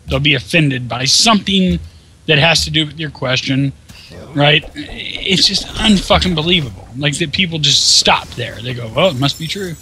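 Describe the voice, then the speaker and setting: A man's voice: a little high, animated, moderate pace, sharp tone, slight background noise, poor audio. A man ranting in casual chat over gameplay, swearing often and sounding incredulous. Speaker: gaming co-host.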